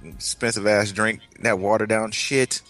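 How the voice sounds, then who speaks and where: A man's voice: on the low side, steady tone, unhurried, fairly bright tone, faint music behind. A man co-hosting a casual chat, telling a laid-back joking anecdote. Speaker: podcast co-host.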